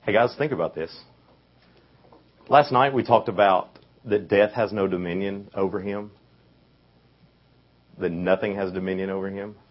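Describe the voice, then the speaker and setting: A young man with a deep, husky voice talks to a youth group like he is chatting with friends, restarting phrases and tossing in fillers as he goes. The recording sounds dull and lo-fi. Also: fairly even intonation, moderate pace, long pauses. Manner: casual, conversational preaching with many fillers and restarts. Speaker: youth speaker. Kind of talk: youth sermon.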